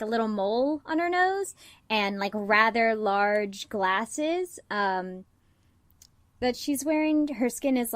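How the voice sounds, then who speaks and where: A woman's voice: a little high, no room sound. A woman narrating as game master in a tabletop game, casual and full of "like" and "um". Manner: casual, filler-heavy with lots of "like" and "um".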